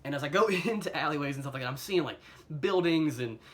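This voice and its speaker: A man's voice: fairly high pitch, lively intonation, fast talker. A young American man telling an embarrassing personal story in a casual, rambling way, self-mocking and filled with fillers and chuckles, recorded on a phone camera. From United States.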